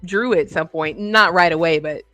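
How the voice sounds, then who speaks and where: A woman co-hosting a casual wrestling podcast, chatting in a lively, playful way. Her voice sits a little low and sounds dry and close to the mic. Faint music plays quietly underneath. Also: moderate pace, no echo. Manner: lively, playful, laughs often. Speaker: podcast co-host.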